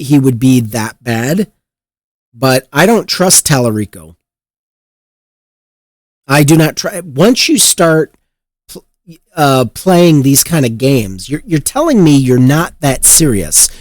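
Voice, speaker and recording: A man hosts a political talk show and rants with heat and plenty of profanity. His voice swings widely in pitch and sits a bit high for a man. The sound is dry and close, with no room echo. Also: very animated, takes it slowly, a little mellow. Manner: heated, profane, mocking voices. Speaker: political commentary host. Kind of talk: casual political commentary.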